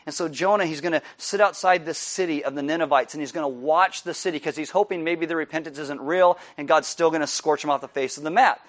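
A male pastor delivering a sermon in a high, bright-toned voice. He speaks conversationally and adds light humor as he explains scripture. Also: fast, hardly any pauses.

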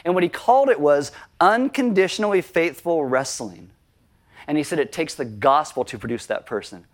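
A male pastor preaching a sermon, acting out quoted prayers with animated emphasis. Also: a little high, moderate pace.

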